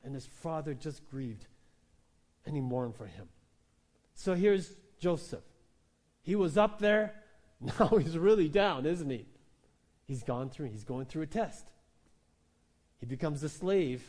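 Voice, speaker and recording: A man preaching a sermon, telling a story with lively acted-out quotes. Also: fairly high pitch, slow pace, long pauses. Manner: animated storytelling, acts out quoted voices. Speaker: pastor.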